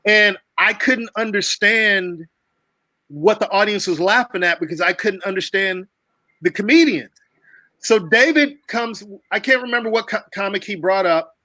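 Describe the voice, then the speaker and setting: A man from the United States hosting a casual video call chat, telling animated stories with swearing and frequent laughs. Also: sits high, normal speed, no room sound, rough recording. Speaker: host.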